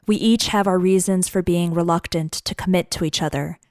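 A woman's voice: fairly low pitch, fairly even intonation, fairly quick, darkish tone, no echo, studio quality. A woman in her thirties giving scripted narration in a wry, confiding way.

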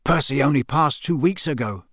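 A man's voice: a little high, normal speed, fairly bright tone, dry recording, clean studio sound. A man voicing a mischievous teenage boy wizard with a wry, smirking manner.

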